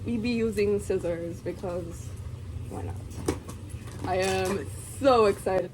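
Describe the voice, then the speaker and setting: Giggly young woman gushing, unhurried. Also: mid-range voice, noisy background. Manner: giggly, gushing, full of fillers. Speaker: vlogger. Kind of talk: casual unboxing vlog.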